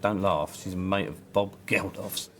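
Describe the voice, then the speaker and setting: A man's voice: sits low, steady tone, measured pace, a little hiss or hum. A man in a scripted sitcom, trading wry, self-mocking banter. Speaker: lead character in a sitcom.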